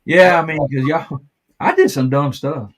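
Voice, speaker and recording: A man's voice: on the high side, measured pace. A man hosting a live stream, chatting casually, rambling and laughing often.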